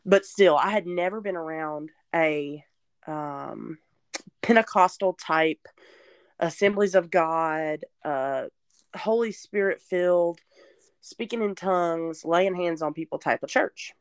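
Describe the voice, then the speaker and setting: A woman's voice: lowish voice, takes it slowly, smooth, no echo. Candid woman telling her story. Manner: candid, chatty, at times tearful. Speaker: podcast guest sharing testimony. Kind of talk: personal storytelling.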